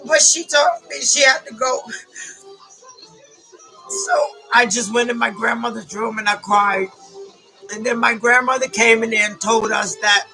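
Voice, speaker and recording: A woman recounts her own story slowly and with feeling, her bright voice carrying some force. She often stops and starts and repeats herself. Soft music plays faintly behind her. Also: a little high, vocal fry, rough recording. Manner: halting, emotional, repeats herself. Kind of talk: personal storytelling.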